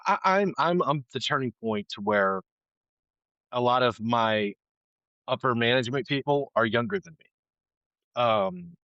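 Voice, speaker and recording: A man near fifty co-hosting a podcast, talking in a laid-back way and swearing casually. His voice has a gravelly edge. The recording is dull and lo-fi, with a dry sound. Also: medium pitch, animated, unhurried, pauses often, fairly bright tone, dry recording. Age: 40s. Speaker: podcast co-host. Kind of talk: casual chat.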